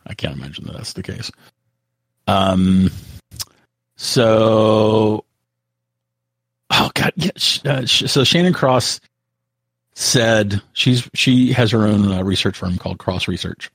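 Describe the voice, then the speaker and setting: A man co-hosting a casual tech podcast, talking in a halting way with frequent restarts. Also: lowish voice, a bit bright, no echo. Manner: halting, full of restarts, reads out quotes. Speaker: podcast co-host.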